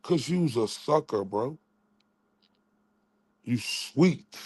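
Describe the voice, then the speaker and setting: A man's voice: medium pitch, expressive, drawn-out words, darkish tone, breathy edge, dry recording. A man hosting his own stream, taunting and mocking someone in a trash-talking rant, often stammering and repeating words. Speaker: channel host.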